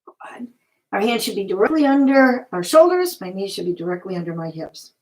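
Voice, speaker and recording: A woman leading a yoga class, giving calm, encouraging step-by-step cues. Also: medium pitch, fairly quick, low-quality recording. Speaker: yoga instructor. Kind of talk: guided yoga class instruction.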